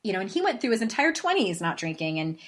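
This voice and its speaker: A woman in her forties hosting a podcast, telling stories in a lively way and acting out the people she quotes. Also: medium pitch, fast. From lives in the US South. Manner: animated storyteller, acts out quoted voices. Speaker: podcast host. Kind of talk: casual conversation.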